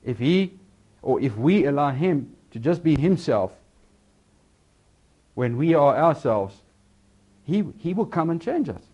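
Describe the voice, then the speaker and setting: A man preaching a sermon, swinging between loud, emphatic lines and quieter asides. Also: fairly high pitch, big pitch swings, a little slow, long pauses, slightly rough.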